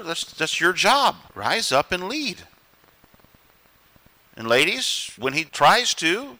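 A man delivers a sermon from the pulpit with a bright, ringing tone. His voice sits a touch high for a man. He is animated and acts out short voices to drive his points home. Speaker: pastor.

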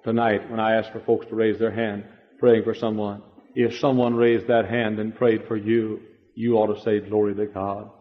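A man preaching a sermon in an emphatic, repetitive way, swinging between quiet passages and shouting. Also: lowish voice, flat delivery, normal speed. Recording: dull lo-fi recording in a reverberant hall.

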